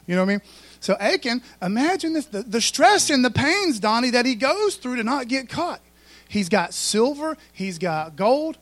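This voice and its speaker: A man's voice: high-pitched, fairly bright tone, no echo. A man preaching a sermon in a folksy, conversational way, full of asides to the congregation. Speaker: pastor.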